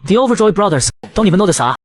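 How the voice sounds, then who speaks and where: A man narrating a comic story recap in a brisk, breezy scripted style. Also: high-pitched, sing-song, slight background noise.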